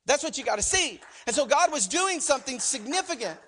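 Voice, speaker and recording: A man delivers a sermon in a loose, conversational way. He keeps asking the congregation rhetorical questions, sinks into low, quiet asides and then bursts out loudly. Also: very animated, fairly quick, slight background noise. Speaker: pastor.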